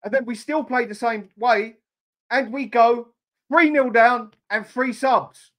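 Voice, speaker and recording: A man's voice: extremely high pitch, slow pace, a bit bright. Sweary, fuming man ranting. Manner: furious, sweary, blunt. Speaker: fan channel host. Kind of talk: angry live-stream football rant.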